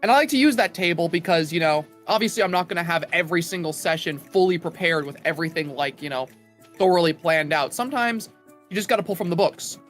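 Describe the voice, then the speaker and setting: A man who runs tabletop games tells a story from one of his sessions in a lively, casual way, building up to each punchline. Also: a little high, fast, faint music behind. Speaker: tabletop game master. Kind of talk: casual storytelling over voice chat.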